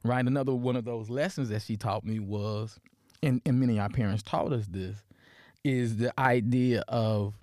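A man from Memphis with a Deep South accent, hosting a personal podcast and telling stories with many fillers and restarts. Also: fairly even intonation, moderate pace, a little mellow, no room sound, clean studio sound. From Memphis, Tennessee. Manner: storytelling, many fillers and restarts, asks "right?". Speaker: podcast host.

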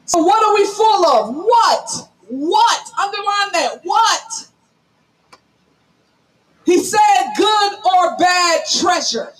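Emphatic high-voiced woman preacher. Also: low-quality recording. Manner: preaching loudly, emphatic, calls for audience responses; folksy, tells stories on herself. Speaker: pastor. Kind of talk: sermon.

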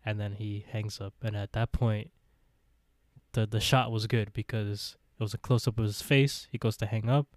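A man's voice: on the low side, flat delivery, normal speed, dry recording, clean studio sound. A man co-hosting a podcast, casually retelling scenes with frequent laughs and quoted dialogue. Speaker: podcast co-host. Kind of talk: casual recap chat.

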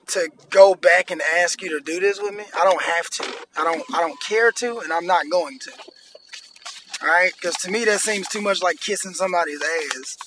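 Man, thirties, podcast host, profane blunt rant, high voice, faint background hiss. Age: 30s. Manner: profane, blunt, annoyed ranting.

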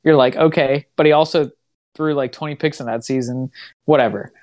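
A man's voice: mid-range voice, steady tone, fairly quick, a little mellow. A young man in casual podcast chat, goofy and self-mocking. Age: young adult. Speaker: podcast co-host.

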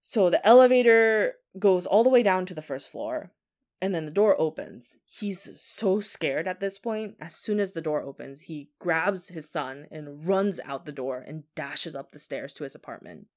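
A woman's voice: fairly low pitch, animated, moderate pace, a little mellow. A woman telling a ghost story in a casual, chatty way, often saying 'like'.

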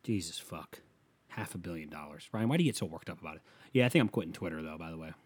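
A man's voice: low voice, expressive, fast, husky. A man hosting a solo podcast, ranting in a rambling, profane way, with a slight lisp on his s sounds. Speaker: podcast host.

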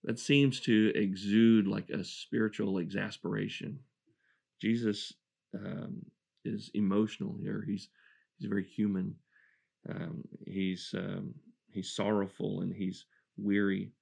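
Earnest man preaching, low and gravelly. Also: little pitch movement, slow pace, darkish tone. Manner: earnest and reflective, with restarts. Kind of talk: sermon, verse-by-verse Bible teaching.

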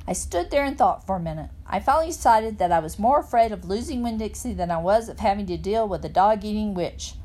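A woman reading a children's novel aloud in a plain, steady narrating voice. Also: mid-range voice, fast talker, hardly any pauses. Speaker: reader.

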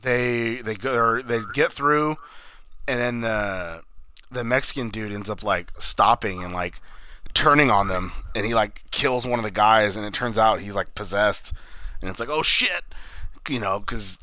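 A young man with a bright, forward voice rambles through a horror movie's plot, swearing freely and dropping into bits of the characters' lines. The sound is close and dry, with no room around it. It is casual podcast talk between friends. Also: lowish voice, normal speed, no room sound. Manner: rambling, swears often, acts out lines from the film. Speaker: podcast co-host. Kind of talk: casual movie recap chat.

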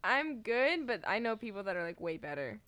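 A woman's voice: mid-range voice, very animated, fairly quick, fairly bright tone, no room sound. A young woman co-hosting a podcast in casual chat, giggly and saying "like" a lot. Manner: giggly, laughs until tearful, says "like" often. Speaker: podcast co-host.

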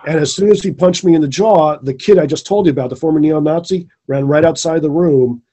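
A man with a mellow, slightly husky voice that sits a bit high for a man. He tells a personal story from his teaching days in casual conversation. He is earnest and rambling, and he repeats phrases for emphasis. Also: fairly quick. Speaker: guest, former teacher.

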